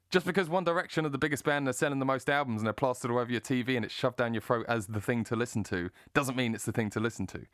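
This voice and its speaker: A man's voice: medium pitch, fairly bright tone, no room sound, clean studio sound. A man vlogging a sarcastic, profane rant to camera, telling a story and airing a grievance. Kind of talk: ranting monologue to camera.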